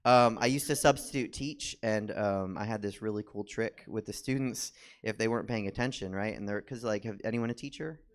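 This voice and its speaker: A man's voice: on the low side, a little fast, hardly any pauses. A young adult man doing a stand-up comedy set, rambling and filling his talk with "like" and other fillers. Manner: rambling, filler-heavy with constant "like". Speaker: stand-up comedian and drag performer. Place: comedy theater stage.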